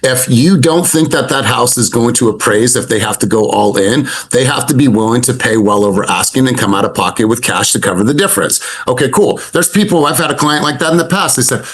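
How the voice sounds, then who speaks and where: A man coaching a sales team over a video call. His voice has a middle pitch. He is upbeat and direct and keeps calling out to the group. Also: animated, brisk, few pauses. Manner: upbeat, direct, addresses the group as "you guys".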